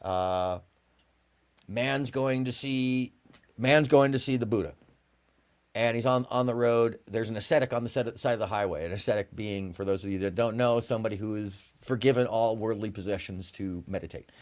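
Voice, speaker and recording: A man's voice: lowish voice, moderate pace. A man on a discussion panel telling a story casually, with many fillers and restarts. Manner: animated, full of fillers.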